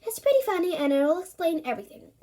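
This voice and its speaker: A woman reading aloud, voicing a lively, sensible girl adventurer. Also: very high voice, fast, voice pushed up.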